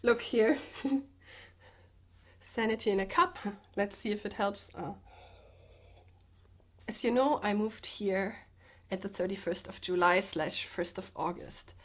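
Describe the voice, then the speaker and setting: Sitting on the floor among pillows at home, a sick woman who is a comedian and vlogger records a personal confessional vlog. She sounds subdued and slightly sedated, speaking at medium pitch with hesitant, halting delivery and many restarts.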